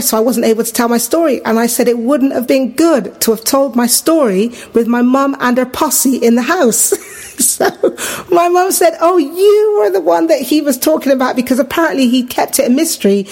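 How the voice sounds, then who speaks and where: Middle-aged English woman, podcast host, animated storyteller who jumps high when quoting others. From England. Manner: animated, acts out quoted voices with big pitch jumps. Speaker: podcast host sharing her testimony. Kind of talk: personal storytelling.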